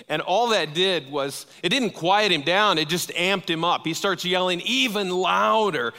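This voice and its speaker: A man preaching a sermon, telling a story with lively energy and acting out the voices in it. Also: high voice, a little slow, few pauses. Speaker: pastor. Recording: long hall reverb.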